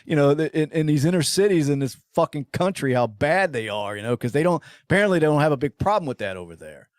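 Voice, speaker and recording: A man co-hosting a casual podcast chat, rambling and swearing, his voice often trailing off quietly at the ends of phrases. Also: on the high side, lively intonation, quick pace, no room sound, studio quality. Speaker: podcast co-host.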